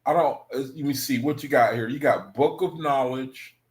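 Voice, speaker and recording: A man's voice: medium pitch, moderate pace. Man rambling on a livestream to brethren. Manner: rambling, repeats himself, addresses listeners as brethren. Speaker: host of an online study group. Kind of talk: casual livestream talk to viewers.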